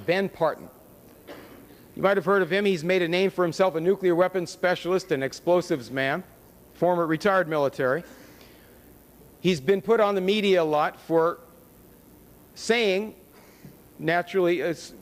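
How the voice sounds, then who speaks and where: An American man giving a conference lecture in a conversational, sardonic way, with wry asides and rhetorical questions. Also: a little high. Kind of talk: public lecture with slides. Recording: long hall reverb from a conference room.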